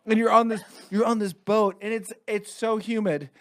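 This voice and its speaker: A man's voice: high voice, steady tone, moderate pace. A man hosting a comedy podcast, telling profane travel stories and acting out the people in them. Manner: profane, acts out voices in his stories. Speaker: podcast host. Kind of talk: casual comedic storytelling.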